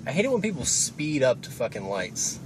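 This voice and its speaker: Young male vlogger, rambling, profane talk from a moving car, clear road noise under the phone mic. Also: mid-range voice, huge pitch swings, fairly quick. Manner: rambling, swearing, offhand. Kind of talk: casual rambling vlog. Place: inside a car, driving. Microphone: phone camera held while driving. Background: engine and road noise.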